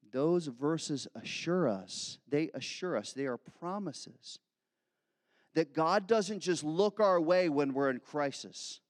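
Preaching slowly in a fairly high voice, this man in his fifties is a pastor whose chatty sermon grows animated with acted asides. The recording is dry and clean, from a studio, though it has a long reverb tail.

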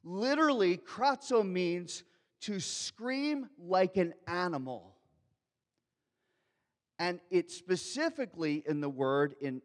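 A man preaching a sermon as a pastor, swinging from soft asides to loud, fervent outbursts. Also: on the high side. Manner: animated preaching, shifts from soft asides to loud shouted quotes. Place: large church hall. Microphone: handheld or headset microphone. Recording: long hall reverb.

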